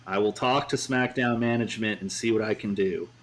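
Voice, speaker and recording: A man voicing a calm, patient male wrestling manager, in a measured, placating way. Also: on the low side, a little hiss or hum, lightly acted.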